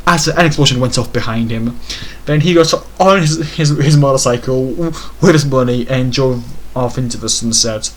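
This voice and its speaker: A man's voice: mid-range voice, normal speed. A man reading fan fiction aloud for comedy, stumbling over words and breaking into incredulous, exasperated asides.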